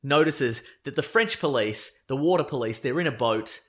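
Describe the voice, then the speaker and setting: A man co-hosting a casual comedy podcast, reading a comic book aloud with jokey asides in an animated way. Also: medium pitch, moderate pace.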